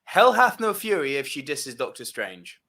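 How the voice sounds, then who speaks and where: A man's voice: fairly high pitch, sing-song, moderate pace, pushed and bright. A man co-hosting a podcast, chiming in with punchy, enthusiastic remarks. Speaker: podcast co-host. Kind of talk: casual chat.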